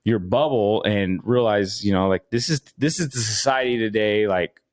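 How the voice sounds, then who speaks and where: A man's voice: on the low side, moderate pace. Profane rambling podcast man. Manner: profane, rambling, repeats himself. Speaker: podcast co-host. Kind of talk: casual chat.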